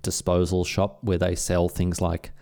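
A man's voice: deep voice, monotone, unhurried, gravelly, mellow. A man co-hosting a podcast, telling stories in a chatty way and slipping into mock voices. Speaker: podcast co-host. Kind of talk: casual chat. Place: Sunshine Coast, Queensland.

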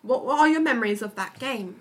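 A woman's voice: a little high, expressive, a little fast. A woman co-hosting a student podcast, asking interview questions with care. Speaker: student co-host.

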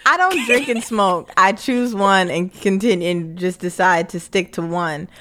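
A young woman co-hosting a casual chat, telling self-mocking stories in an animated way. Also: mid-range voice, measured pace, a crowd in the background. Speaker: podcast co-host.

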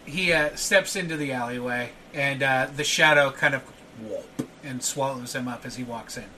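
Guy running a tabletop game online, lots of uhs and ums, bright voice, a bit far from the mic. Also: mid-range voice, normal speed, slight background noise. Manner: hesitant, many filler sounds. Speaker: game master.

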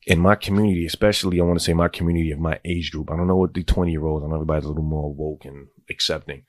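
A man's voice: a bass voice, fairly even intonation, racing, few pauses, a little mellow, dry recording, studio quality. A man telling a long, rambling personal story in casual, profane street talk. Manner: rambling, streetwise, goes on tangents.

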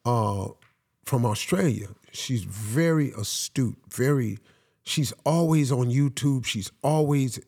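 Gravelly man telling a folksy story. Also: mid-range voice, slow, mellow. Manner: folksy, keeps saying "man". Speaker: guest. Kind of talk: casual interview storytelling.

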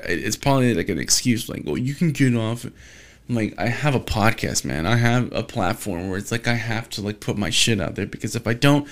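A man's voice: on the low side, creaky. A young man talking casually on his solo podcast, rambling in a frustrated, profane way and often restarting his sentences.

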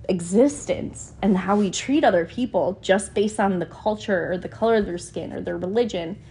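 A woman hosts her own podcast in a relaxed, open-hearted way. She speaks earnestly and is quick to be moved, and she scatters "you know" through her sentences. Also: mid-range voice, slight background noise. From United States. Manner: heartfelt and earnest, often emotional, many "you know" fillers. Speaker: podcast host. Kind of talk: casual podcast monologue.

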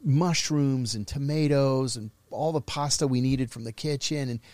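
A man's voice: medium pitch, a little slow, no room sound. A middle-aged man telling a story in casual conversation, acting out the voices of the people he quotes. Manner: animated, acts out quoted voices. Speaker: podcast guest.

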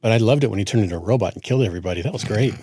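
A man's voice: on the low side, very fast, warm tone, husky, no room sound, studio quality. A man co-hosting a casual podcast as a father, joking around and wandering off on tangents. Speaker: podcast co-host. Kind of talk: casual chat.

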